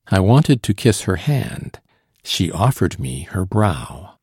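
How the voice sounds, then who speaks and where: A man narrating a classic novel in first person, measured and storytelling in manner. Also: low voice, sing-song, a little mellow, slightly rough, dry recording, studio quality. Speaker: audiobook narrator. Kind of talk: scripted narration.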